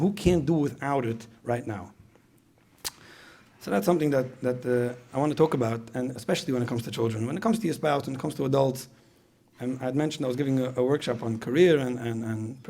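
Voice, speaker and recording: Guy lecturing parents, gravelly voice, talks fast, keeps repeating himself. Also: medium pitch, dark tone. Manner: repeats phrases, asks the audience questions. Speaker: speaker at a parenting retreat. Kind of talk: conversational lecture.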